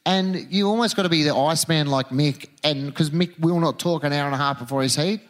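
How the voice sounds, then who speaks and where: A man's voice: fairly high pitch, fairly quick. A man hosting a casual chat, telling stories with laughter and swearing. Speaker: podcast host, surfer.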